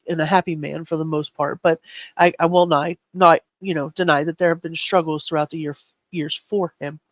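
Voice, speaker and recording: A man's voice: on the high side, dry recording, highs cut off. A man hosting a live true crime chat, earnest and emotionally shaken, often stumbling over his words. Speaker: host.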